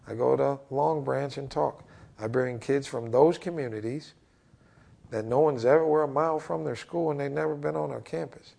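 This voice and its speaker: A man's voice: moderate pace, gravelly. A man in his forties, a basketball head coach, telling stories in an interview and acting out what people say with big jumps in his voice. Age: 40s. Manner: animated, acts out quotes with big pitch jumps. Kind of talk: energetic interview storytelling.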